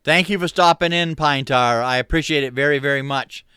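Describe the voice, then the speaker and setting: A middle-aged man with a Maine accent hosts a laid-back chat with his viewers, rambling along with plenty of fillers. His voice is bright and clear. The sound is dry and close. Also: fairly high pitch, fairly quick, no room sound. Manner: easygoing, rambling, many uh fillers, chuckles. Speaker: livestream host. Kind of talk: casual chat reading viewer comments.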